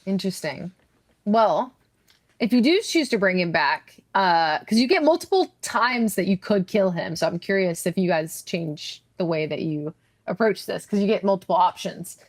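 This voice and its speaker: Lady on a game podcast, mid pitched, keeps asking the others what they did. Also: animated, normal speed, dry recording. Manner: asks the group questions, moves the talk along. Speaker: podcast co-host leading the discussion. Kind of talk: casual chat about a video game.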